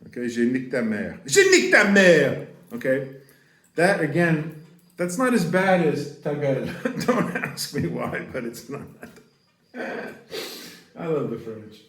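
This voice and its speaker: An American man giving a casual, profane French lesson, rambling with laughs and shouting out example curses. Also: mid-range voice, animated, slow, pauses often, echoey room. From United States. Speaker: French teacher.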